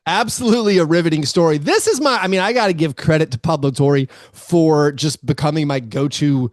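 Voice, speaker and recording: Male podcast co-host, a bit high-pitched, playful riffing banter, dry studio sound. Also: fairly quick, no room sound. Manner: joking, laughs often, riffs on quotes. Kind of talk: casual sports chat.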